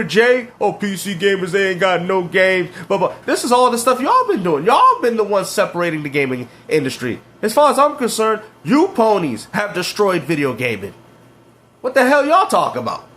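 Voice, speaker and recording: A man's voice: sits high, huge pitch swings, moderate pace, a bit bright. A man reacting to clips and ranting about video games, mocking and slangy, laughing at his rivals. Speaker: gaming commentator.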